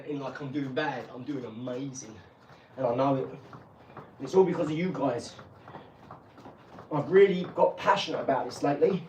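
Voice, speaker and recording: A man, hosting a casual live stream and telling lively, laughing stories with some swearing, from an empty garage. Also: mid-range voice. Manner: animated storyteller, laughs, swears. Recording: roomy, distant mic, faint noise.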